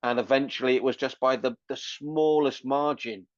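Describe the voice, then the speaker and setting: A man's voice: mid-range voice, moderate pace, dry recording. A man co-hosting a podcast, reflecting on a film and making jokes. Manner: reflective, joking. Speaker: podcast co-host. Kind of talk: casual film review chat. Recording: dull, dry lo-fi mic.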